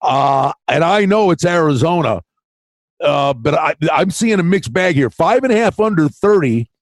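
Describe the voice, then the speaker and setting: Animated, folksy man breaking down bets. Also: fairly high pitch, moderate pace, no room sound. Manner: animated, folksy, calls partner buddy and pal. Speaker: podcast co-host, betting analyst. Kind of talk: casual sports betting chat.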